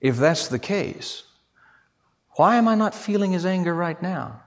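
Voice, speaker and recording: A pastor delivering a sermon in a strikingly high voice, slow and deliberate. He climbs to shouting, then drops to a hushed near-whisper. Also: animated.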